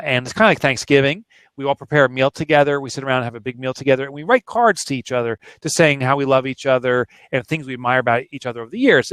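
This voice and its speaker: A man's voice: medium pitch, a bit bright, clean tone, no echo. A man in his forties, an author being interviewed, telling a candid personal story in an earnest, emotional, plain-spoken way. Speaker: author and guest.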